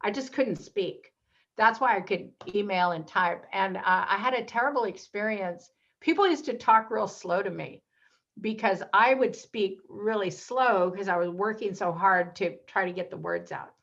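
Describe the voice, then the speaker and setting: Woman guest, mid pitch, lively storyteller who does the voices of people in her anecdotes; muffled lo-fi audio. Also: moderate pace, vocal fry. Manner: animated storyteller, acts out quoted voices. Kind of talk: casual interview storytelling.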